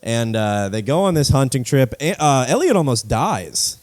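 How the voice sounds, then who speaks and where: A man's voice: mid-range voice, sing-song, moderate pace, darkish tone. Joking young man co-hosting a podcast. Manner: jokey, riffs with silly quoted voices. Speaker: podcast co-host. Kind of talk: casual comedic history chat.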